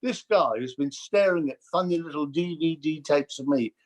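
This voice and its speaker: An older man chatting as a guest, telling lively stories and mimicking voices. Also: a little high, moderate pace. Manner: animated storyteller, mimics voices. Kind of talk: casual chat.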